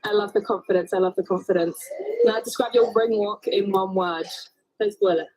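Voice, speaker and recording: A woman's voice: mid-range voice, steady tone, fairly quick, darkish tone, poor audio. A woman interviewing a boxer backstage, chatty and upbeat.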